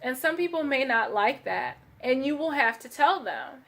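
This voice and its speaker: Gentle woman giving a card reading. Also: high voice, expressive, moderate pace, hardly any pauses. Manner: gentle, searching, many fillers and restarts. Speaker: tarot card reader. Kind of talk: casual card reading to viewers.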